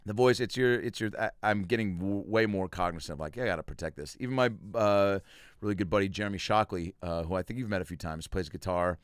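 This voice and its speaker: A man's voice: low-pitched, fast, clear, resonant tone, no room sound, studio quality. A man in his thirties hosting a podcast in casual chat, telling stories and acting out voices. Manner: animated storyteller, acts out voices. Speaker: podcast host.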